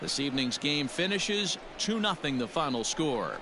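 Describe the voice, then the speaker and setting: A man voicing a video game's play-by-play announcer, calling the action in brisk, lively baseball commentary. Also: on the high side, a crowd in the background.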